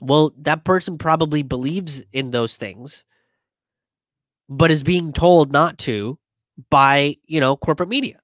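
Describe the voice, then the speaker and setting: A man's voice: a little high, measured pace, dry recording. Man chatting dry and close. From immigrant. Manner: conversational, many fillers and restarts, animated when quoting others. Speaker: comedian and show host reading viewer comments. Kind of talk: casual livestream commentary.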